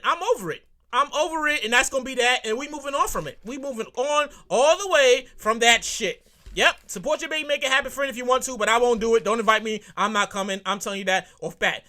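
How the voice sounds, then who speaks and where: A high, bright voice with a New York accent drives a solo podcast rant. The host bounces all over in pitch, repeats lines for punch and swears casually. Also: fast. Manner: excitable, repeats phrases, swears freely.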